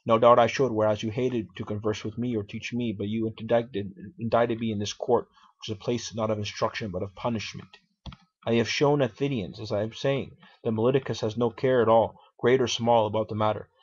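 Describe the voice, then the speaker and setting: A man's voice: on the low side, steady tone, a little fast, darkish tone, slightly rough. A man voicing an aged male philosopher defending himself in court, arguing and questioning in a dramatic reading on a dull lo-fi recording. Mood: defiant. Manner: argumentative, questioning.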